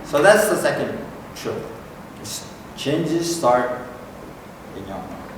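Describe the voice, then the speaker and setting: A man's voice: mid-range voice, sing-song, slow pace. A middle-aged man with a Korean accent, preaching a sermon as pastor, repeating key points and checking in with "okay?". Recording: echoey hall from far off, noisy room.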